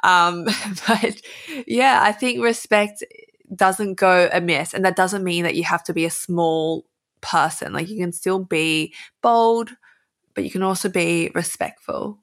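A young woman co-hosting a casual discussion, animated, with quick asides and self-deprecating jokes. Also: lowish voice. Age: young adult.

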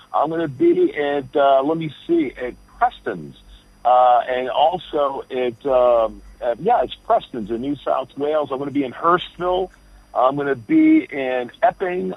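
Man, husky voice, rambling storyteller, muffled dry phone line. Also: medium pitch, dry recording. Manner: rambling, full of restarts and storytelling. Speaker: comedian guest. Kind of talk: phone interview chat. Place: airport.

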